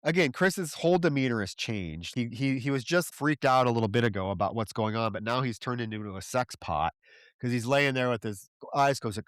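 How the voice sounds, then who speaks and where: A man's voice: mid-range voice, lively intonation, normal speed, no room sound, studio quality. A man co-hosting a podcast, recapping a film plot casually with exasperated, profane remarks. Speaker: podcast co-host. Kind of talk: casual film review chat.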